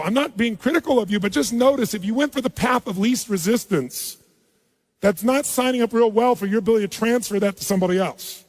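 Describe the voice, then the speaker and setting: A man giving a live motivational seminar speech, telling a story quietly and then urging the crowd on. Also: sits high, fairly quick, big-room sound. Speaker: motivational speaker. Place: large hall with audience.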